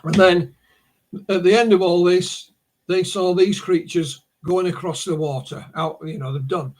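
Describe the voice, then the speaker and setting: Husky northern English man telling a story. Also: high-pitched, steady tone, unhurried, darkish tone. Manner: storytelling, restarts words. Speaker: guest researcher. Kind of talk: podcast interview, recounting a case.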